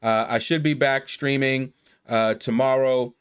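A man's voice: medium pitch, measured pace, clean tone. Laid-back man reading out a leaderboard. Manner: relaxed, drawls and plays with player names. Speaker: gaming YouTuber. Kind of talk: casual commentary reading a leaderboard.

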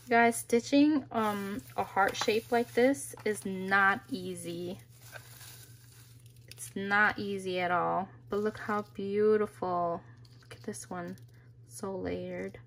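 Slow, gushing woman crafting vlogger. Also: mid-range voice, a little hiss or hum. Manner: gushing, exclamatory, excited. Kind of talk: happy mail unboxing vlog.

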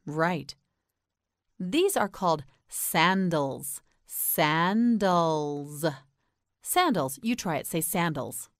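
American woman, pronunciation teacher, patient and encouraging, dry close sound, slightly low voice. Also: wildly swooping pitch, slow pace, no echo. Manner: patient, encouraging, repeats each word clearly. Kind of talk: slow scripted language lesson.

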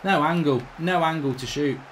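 A man's voice: a little high, moderate pace, a bit bright, a little hiss or hum. A middle-aged man commentating his football video game as a host, exasperated and swearing as he groans at his team. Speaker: gaming channel host. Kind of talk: live gameplay commentary.

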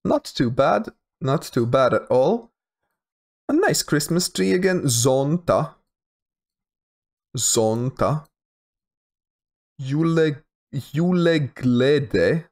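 A man's voice: a little high, very animated, slow, a little mellow. A young man giving casual commentary while he plays a geography guessing game, thinking aloud with hesitant, repeated words. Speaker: game streamer.

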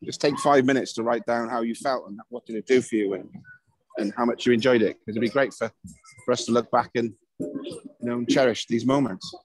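Gentle, thankful man outdoors. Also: mid-range voice, steady tone, fairly quick, husky, no echo, rough recording. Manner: gentle, thankful, rambling with fillers. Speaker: spiritual circle leader hosting a live stream. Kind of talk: casual live-stream chat. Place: outdoors on a hilltop at night.

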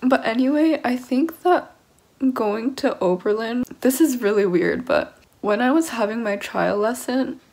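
A woman's voice: on the high side, a little slow, a little mellow. A young woman in her late teens, a violin student, talking to camera in a rambling, candid, emotional way with nervous laughs. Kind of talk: casual vlog talk to camera.

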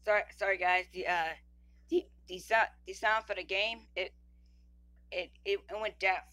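Woman, casual gameplay commentary, bright sharp tone, stammering, repeats words, reads screen text aloud. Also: medium pitch, steady tone, normal speed.

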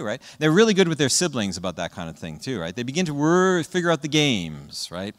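A man giving a public talk to parents, an animated storyteller who often checks in with "right?" and acts out what children say. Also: medium pitch, brisk, hardly any pauses, long reverb tail. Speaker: guest speaker. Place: presentation hall.

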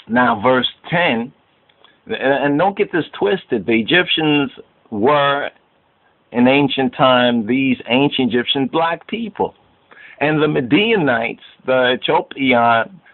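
Guy preaching scripture real slow, keeps checking you understand, sounds like its coming thru a phone. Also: medium pitch. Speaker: Bible teacher. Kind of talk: Bible study sermon. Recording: tinny phone-like line.

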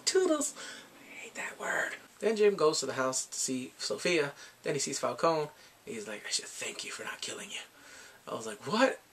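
A man with a slightly high voice talks through a TV episode in a casual recap. He is animated and excitable, jumping into quick voices for the characters and bursting into shouts. The talk is loose and chatty. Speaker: TV episode reviewer.

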